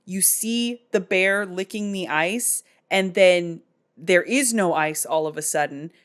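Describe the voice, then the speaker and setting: A woman's voice: on the low side, slow. A woman casually recapping a movie in a chatty, wry, comic way.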